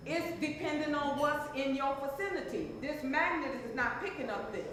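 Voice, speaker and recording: A woman's voice: high voice, moderate pace, a crowd in the background. A woman giving a motivational talk as a transformational coach, emphatic and calling on the audience to answer. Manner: emphatic, call-and-response with audience. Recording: very echoey room.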